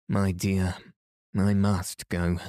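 A man's voice: deep voice, flat delivery, very slow, warm tone, no echo, clean studio sound. A man voicing a flustered, proper middle-aged vicar with an earnest, prim manner, in a bedtime storybook.

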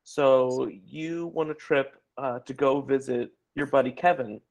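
A man's voice: medium pitch, steady tone, a little slow, gravelly, darkish tone. A man hosting a podcast who jokes around and sets up absurd scenarios for his guest. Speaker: podcast host. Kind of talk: casual interview chat.

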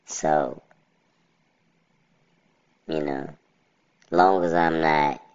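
A man hosting a casual solo podcast through a pitched-down robotic voice filter. He talks bluntly and rambles, often asking "you know what I'm saying". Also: fairly even intonation, very slow, lo-fi sound. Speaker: podcast host.

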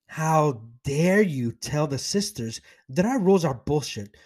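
A man's voice: on the high side, lively intonation, a little slow, darkish tone. A man voicing a harsh domineering mother superior. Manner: harsh, scolding, falsely sweet. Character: stern domineering older woman, mother superior.

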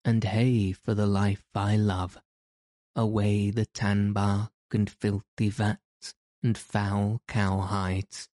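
A man's voice: on the low side, flat delivery, slow pace, dark tone, no room sound, studio quality. A man reading the part of a bold, joyful tradesman in an old-fashioned storybook. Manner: bold, eager, archaic speech. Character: bold, joyful burly male tanner. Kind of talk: audiobook character reading.

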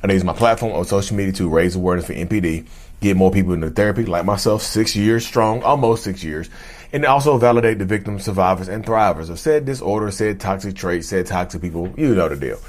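Host, male, lowish voice, energetic casual vlog delivery, rambles and restarts, close to mic. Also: fast. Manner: animated and rambling, with slang and frequent restarts. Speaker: YouTube host.

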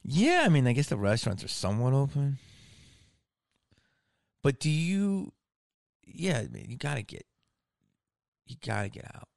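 A man's voice: medium pitch, wildly swooping pitch, normal speed, vocal fry, long pauses, a little mellow, dry recording, clean studio sound. A man hosting a casual comedic chat, rambling and swearing, often laughing.

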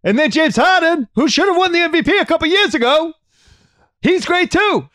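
A man putting on an impression of a famous elderly male politician, cast as a basketball coach, in a high, exaggerated lecturing voice. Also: animated, normal speed, sharp tone, no echo, studio quality, heavily acted.

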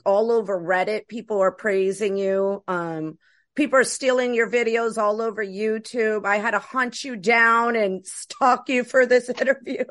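A woman's voice: medium pitch, a bit bright. Woman, podcast host, casual interview, effusive, laughs often. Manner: effusive and laughing, praising the guest.

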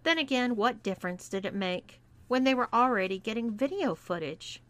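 A woman reading a scripted story aloud as narrator, in a deliberate manner. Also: a little high, expressive, a bit bright, no room sound. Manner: slow and deliberate. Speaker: erotica reader.

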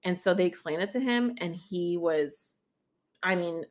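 A woman co-hosting a casual podcast chat, relaxed and chatty, reading listener messages aloud. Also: lowish voice, a little slow. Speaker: podcast co-host.

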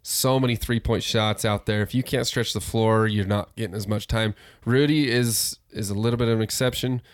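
A man's voice: fairly low pitch, steady tone, moderate pace, no room sound, studio quality. A man co-hosting a casual sports podcast, giving laid-back, opinionated takes and laughing easily. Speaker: podcast co-host.

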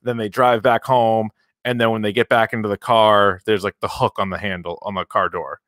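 A man's voice: on the low side, flat delivery, moderate pace, fairly bright tone, no room sound, clean studio sound. A man chatting casually as a podcast co-host, eager and swearing now and then. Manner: enthusiastic, swearing. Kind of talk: casual chat.

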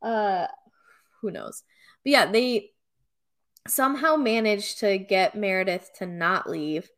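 A woman's voice: medium pitch, slow, fairly bright tone. A woman co-hosting a podcast, chatting casually and animatedly, laughing often and acting out other people's lines. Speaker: podcast co-host. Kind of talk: casual chat recapping reality TV.

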